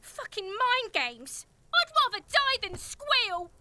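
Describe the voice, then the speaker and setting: A woman's voice: extremely high pitch, sing-song, takes it slowly, sharp tone, a little hiss or hum, full character voice. A woman voicing a foul-mouthed, defiant street kid who taunts the police in a game dub. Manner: swearing, taunting, tough-talking.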